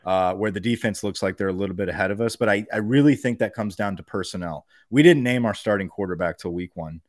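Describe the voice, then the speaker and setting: Lowish male podcast co-host, casual and profane, dry close mic. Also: fast, dry recording. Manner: animated, profane, rambling with fillers. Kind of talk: casual sports chat.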